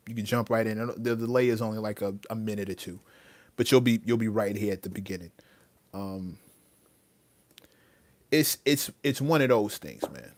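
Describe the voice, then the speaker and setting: A man's voice: fairly low pitch, no room sound. A man hosting his own livestream, ranting emphatically about entitlement, often restarting his words. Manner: heated, emphatic, with many repeated restarts. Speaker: livestream host and rapper.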